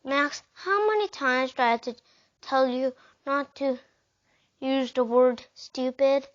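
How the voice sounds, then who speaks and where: A woman's voice: sits high, slow. A woman doing a firm, patient schoolteacher. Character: patient female schoolteacher, firm but kind. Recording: dull lo-fi recording.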